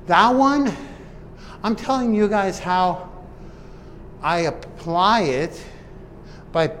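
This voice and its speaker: A man's voice: high voice, expressive, very slow, a bit bright. A man giving an earnest, emotional motivational talk to his viewers, often speaking to himself as if to a friend. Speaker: vlogger. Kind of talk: personal motivational talk to camera. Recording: long reverb and faint ambient noise.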